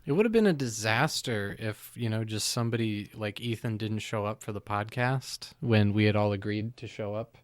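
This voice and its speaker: A man with a smooth, resonant voice, joking dryly and teasing his co-hosts. The sound is close and dry, with no room echo. He is chatting casually on a podcast. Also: on the low side, normal speed. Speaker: podcast co-host. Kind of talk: casual chat. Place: home basement studio.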